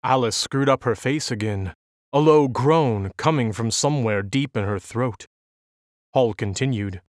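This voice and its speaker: An audiobook narrator reads a novel in a measured, even storytelling style, with a medium pitch. The scripted narration has dry, clean studio sound.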